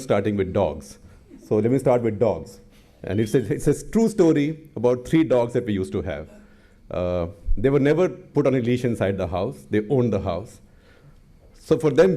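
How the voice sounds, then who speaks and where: Man, indian accent, middle-aged, panel talk, impassioned, mellow low-toned voice. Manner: impassioned, plain-spoken, storytelling asides. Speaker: newspaper editor on a panel.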